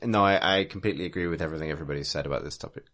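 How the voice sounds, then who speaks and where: A man hosting a casual podcast chat, husky and jokey, reading out listener mail. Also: a bass voice, very fast, fairly bright tone. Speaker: podcast host.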